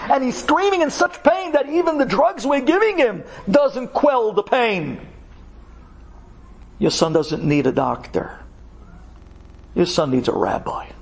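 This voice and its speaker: An earnest religious doctor, voiced by a storyteller, speaks with quiet insistence. His tone is husky and gravelly, with a lilt that rises and falls. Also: high-pitched, pitched above the performer's own voice, heavily acted, poor audio. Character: calm religious hospital doctor, earnest man.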